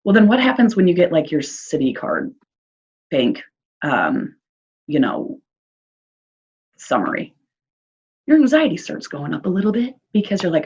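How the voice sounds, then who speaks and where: With a lowish, husky, a little mellow voice, this woman swings hugely in pitch, speaking a little slowly and leaving long pauses. She is an early childhood social worker recorded giving parents an upbeat, encouraging presentation, chatty and filler-laden, in a Midwestern American accent. The audio is dull lo-fi.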